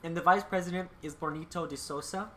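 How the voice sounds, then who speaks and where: Low-voiced woman co-hosting a podcast. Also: fast talker, fairly bright tone, slight background noise. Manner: reads facts with dry jokes, frequent ums. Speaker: podcast co-host presenting country facts. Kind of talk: casual podcast chat.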